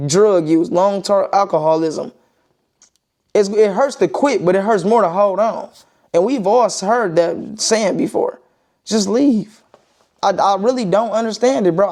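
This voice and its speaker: A man's voice: high voice, darkish tone. Blunt, profane young-sounding man venting. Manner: blunt and profane, repeating points, emphatic. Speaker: vlogger giving opinions. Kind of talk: casual opinion monologue.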